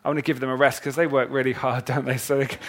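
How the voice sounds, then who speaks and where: A man preaching a sermon, retelling a parable in a dramatic way that swings from hushed to loud. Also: medium pitch, flat delivery, racing, a little hiss or hum. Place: church hall with a congregation.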